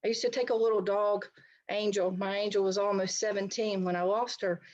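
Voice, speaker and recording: A woman's voice: mid-range voice, fairly even intonation, brisk, a little mellow, dull audio. A middle-aged woman counselor giving an online talk, speaking conversationally and addressing her listeners directly. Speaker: licensed counselor presenting a talk. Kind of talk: online presentation to a society.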